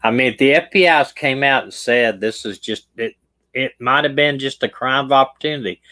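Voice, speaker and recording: A man's voice: mid-range voice, moderate pace, bright, forceful tone, poor audio. A man with a Southern US accent, a retired detective hosting a livestream, talking through a case casually and restarting his sentences. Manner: rambling, restarts sentences, stumbles over words.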